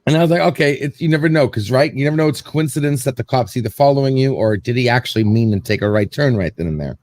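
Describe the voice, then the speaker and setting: A man's voice: mid-range voice, quick pace, darkish tone, no room sound. A man hosting a casual show, telling a story in a rambling way and acting out what people said. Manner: rambling storyteller, repeats words, acts out quotes. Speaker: show host.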